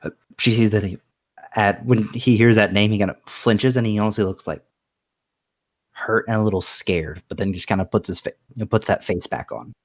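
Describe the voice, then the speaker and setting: A man's voice: on the low side, brisk. A man playing a tabletop game, explaining his character at length with many fillers. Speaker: player. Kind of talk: casual tabletop chat.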